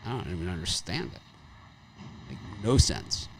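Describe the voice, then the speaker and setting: A man's voice: deep voice, lively intonation, normal speed, a bit bright, a little hiss or hum. A man hosting a live sports betting show, talking bluntly and casually with frequent restarts and some swearing. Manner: blunt, profane, rambling with restarts.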